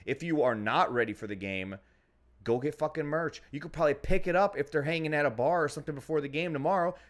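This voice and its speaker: A man's voice: on the high side, fast talker. A man co-hosting a fan call-in podcast, brash and emphatic, swearing often while reading sponsor plugs. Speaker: podcast co-host. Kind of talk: loud casual podcast banter with sponsor reads.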